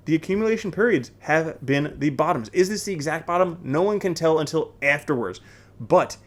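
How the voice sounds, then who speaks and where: A man giving casual commentary on crypto charts, talking them through and asking himself questions as he goes. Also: fairly high pitch.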